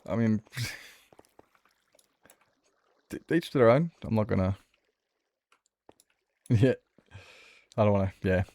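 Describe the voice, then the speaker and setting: A man's voice: lowish voice, extremely slow, long pauses, a little mellow, dry recording. A man streaming a game, chatting casually in a rambling way, answering chat with many restarts. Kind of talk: casual chat while gaming.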